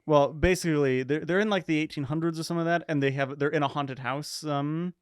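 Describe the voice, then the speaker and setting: A man's voice: fairly high pitch, fairly even intonation, fast talker, smooth, dry recording, clean studio sound. A man co-hosting a podcast in casual chat, hesitant and repeating his words, with some swearing. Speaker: podcast co-host.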